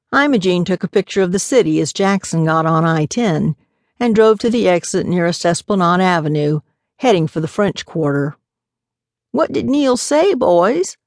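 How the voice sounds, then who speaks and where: A woman narrating an audiobook in an even, measured storytelling manner. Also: lowish voice, dry recording, clean studio sound. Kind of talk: scripted narration.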